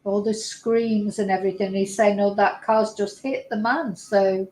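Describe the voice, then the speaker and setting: A woman's voice: medium pitch, fairly even intonation, unhurried, a little mellow, roomy sound, a little hiss or hum, low-quality recording. A woman, chatting casually as she talks through video clips and translates what is said in them. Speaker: host reacting to videos.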